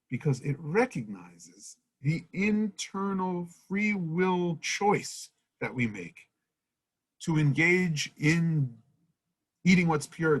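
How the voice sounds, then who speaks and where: Husky man teaching Torah study. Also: on the high side, low-quality recording. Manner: earnest teaching, reads Hebrew then translates.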